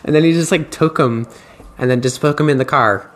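A man's voice: on the high side, a little fast. A man hosting a podcast, telling a story in casual, profane, rambling chat. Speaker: podcast host.

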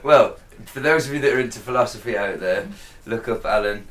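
A man's voice: fairly low pitch, fairly bright tone, slight background noise. A man co-hosting a podcast, bantering casually with crude, jokey asides. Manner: jokey, quick to laugh, crude. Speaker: podcast co-host.

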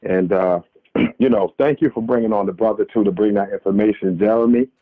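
This caller is a New Yorker with a fairly low voice who speaks fairly quickly, and the recording is dry apart from the tinny phone line. Earnest and sermonizing, he keeps restarting as he delivers passionate commentary to a radio show.

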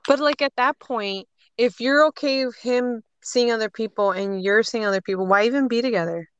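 A woman's voice: fairly high pitch, moderate pace, smooth, no room sound, muffled recording. A woman co-hosting a podcast who answers a story with blunt, disbelieving comments in casual chat. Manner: blunt incredulous reactions. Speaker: podcast co-host.

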